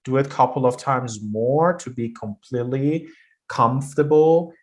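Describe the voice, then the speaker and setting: A man's voice: mid-range voice, moderate pace. A man teaching a pronunciation lesson, explaining step by step with frequent hesitations. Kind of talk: online lesson.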